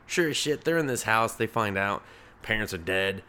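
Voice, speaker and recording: A young man with a slightly low voice talks through this week's comics in a loose, unscripted ramble. He swears constantly, circles back on himself, and chuckles at his own asides, like a solo review podcast. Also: expressive, normal speed, pushed and bright, smooth. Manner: profane, rambling, laughs at his own jokes.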